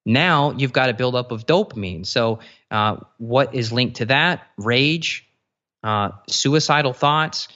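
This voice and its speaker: A man in a casual interview explains things eagerly, piling up asides and restarting his sentences. His voice sits at an ordinary pitch. The audio is dull and a bit lo-fi. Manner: animated explainer, quick asides, many restarts. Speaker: guest nutritionist.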